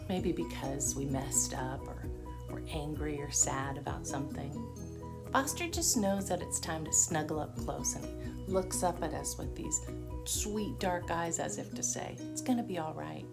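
Woman doing a gentle devotional talk, slightly low voice, music clearly under it. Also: lively intonation, normal speed. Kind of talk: short devotional talk and prayer.

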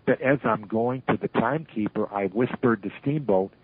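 An older man, a retired wrestling referee, telling animated stories in an interview and acting out the lines he quotes. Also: on the low side, normal speed, breathy edge. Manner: animated storyteller who acts out shouted quotes. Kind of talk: storytelling interview. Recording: tinny phone line.

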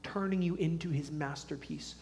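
A male pastor preaching a sermon, swinging from loud fervent urging to hushed earnest pleading. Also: fairly high pitch, normal speed, creaky. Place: church sanctuary. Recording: long hall reverb.

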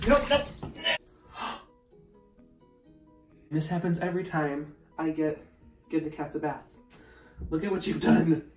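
A man's voice: fairly high pitch, takes it slowly, pauses often, a little mellow, reverberant, faint music behind. A young man chatting casually in a vlog, giggly and prone to yelps, recorded in a home bathroom. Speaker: vlogger.

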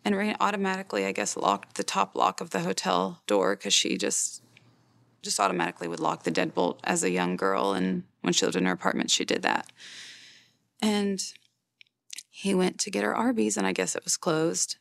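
A woman in her forties, a mother giving a halting, plain-spoken personal account in a documentary interview, with many fillers and restarts. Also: on the low side, sing-song, creaky, a bit bright, dry recording.

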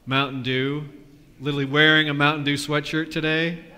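A man leading a lively children's sermon, asking the kids questions in a church with a balcony. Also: on the high side, fairly quick. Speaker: pastor. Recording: long reverb of a church.

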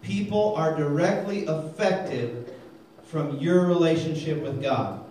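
A man preaching a lively sermon, calling for amens and telling jokes, recorded in a church hall. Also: a little high, takes it slowly, slight background noise. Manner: energetic, calls for amens, tells jokes. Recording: very echoey hall, mic far off.

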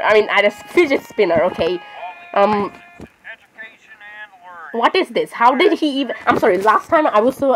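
A woman's voice: a little high, slight background noise. Chatty woman doing game commentary. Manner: chatty, argues with herself, keeps apologizing. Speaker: gaming channel host. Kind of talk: gameplay commentary.

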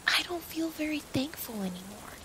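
A woman's voice: high-pitched, takes it slowly, vocal fry, a little hiss or hum, voice pushed up, full character voice, rough recording. A woman doing an eager little stray dog. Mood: wistful. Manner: bouncy, excited calls. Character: cheerful eager young female stray dog.

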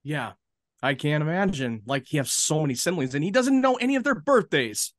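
A man co-hosting a casual podcast, joking and swearing in an animated way. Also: fairly high pitch, brisk, dry recording, studio quality. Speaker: podcast co-host. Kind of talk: casual chat.

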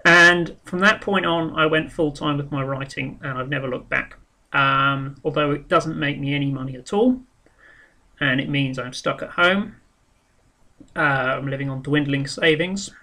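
Bright-voiced rambling man. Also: on the high side, normal speed. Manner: rambling and frank, with many ums, restarts and swearing. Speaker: vlogger. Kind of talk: casual spoken monologue.

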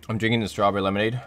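A young man streaming a game in casual chat, swearing often, reading chat aloud and yelling at teammates while sore from a hurt leg. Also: fairly low pitch. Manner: profane, chatty, reads chat aloud and shouts at teammates.

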